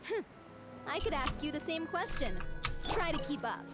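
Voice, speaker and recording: A woman's voice: high voice, very animated, normal speed, over loud music. An actress voicing a confident young woman adventurer in video game dialogue, with a cool, teasing manner.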